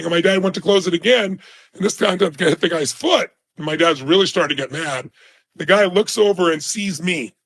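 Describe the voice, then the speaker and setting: Gravelly man telling a personal story. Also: fairly high pitch, a bit bright, low-quality recording. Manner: earnest, emphatic, quotes voices in his story. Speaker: speaker telling a life story.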